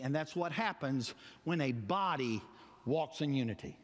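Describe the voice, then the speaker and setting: A man preaching a sermon as pastor, telling stories dramatically, swinging between loud cries and quiet asides. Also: medium pitch, animated, normal speed, pauses often. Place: church sanctuary. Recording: long church hall reverb.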